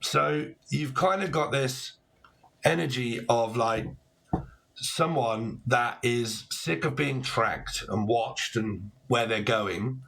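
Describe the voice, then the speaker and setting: Man, 40s, tarot reader, husky voice, rambling, cracks puns, swears casually. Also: medium pitch, slow, fairly bright tone. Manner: rambling, punning, swearing freely.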